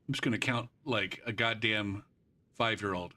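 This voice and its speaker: A man's voice: medium pitch, very animated, moderate pace, sharp tone. A man streaming a game live, ranting about it in a frustrated, profane way and drifting into rambling asides. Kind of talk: live gameplay commentary.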